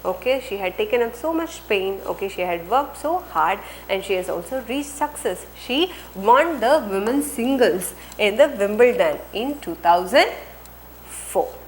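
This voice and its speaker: A woman's voice: mid-range voice, animated, unhurried, slight background noise, rough recording. A woman teacher with an Indian English accent reads a textbook passage aloud, then explains it line by line, adding "okay" often and asking and answering her own word questions.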